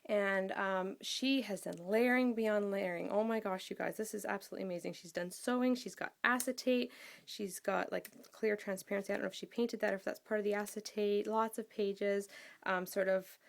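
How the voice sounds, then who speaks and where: A woman's voice: mid-range voice, steady tone, brisk, gravelly. Woman, casual craft show-and-tell, enthusiastic, gushing, filler-heavy. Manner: enthusiastic, gushing, with many ums. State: out of breath. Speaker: craft vlogger.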